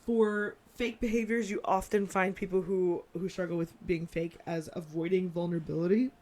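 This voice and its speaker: A woman's voice: on the low side, fairly even intonation, normal speed, darkish tone. A woman who works as a teacher, co-hosting a podcast in a casual, reflective way and laughing often. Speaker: podcast co-host.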